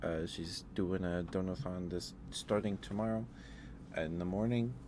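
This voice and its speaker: A lower-pitched man winding down a stream in an unhurried, softly rambling way, with many fillers between thoughts. His throat sounds dry, as if his voice is going. A steady hiss of background noise sits under his voice from the home stream mic. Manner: soft-spoken, rambling with fillers. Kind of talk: end-of-stream chat. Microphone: headphones and desk mic.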